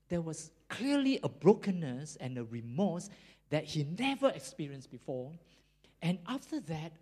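A preacher telling a conversion story in a sermon, animated, with dramatic pauses and chuckles. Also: medium pitch, husky.

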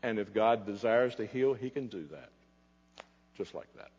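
A pastor preaching a sermon, animated and emphatic at times, dropping to quiet asides at others. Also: male voice, lowish voice, moderate pace, slightly rough. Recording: dull lo-fi recording in a reverberant hall.

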